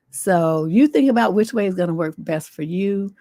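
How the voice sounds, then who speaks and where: A woman's voice: fairly low pitch, lively intonation, normal speed, few pauses, warm tone, dry recording. A woman hosting a livestream as a relationship coach. She talks in a blunt, sassy way and swears freely. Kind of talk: livestream advice show.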